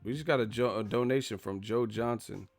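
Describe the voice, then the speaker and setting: A man hosting a live stream, profane and animated, acting out the people he talks about. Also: lowish voice, fairly quick, gravelly, no echo, soft background music. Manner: profane, animated, acts out quotes. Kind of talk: casual live-stream commentary.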